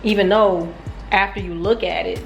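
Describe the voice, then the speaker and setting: A woman's voice: medium pitch, steady tone, normal speed, creaky, roomy sound, soft background music. A woman telling a casual, profane, self-mocking story about her day trading. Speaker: trading vlogger.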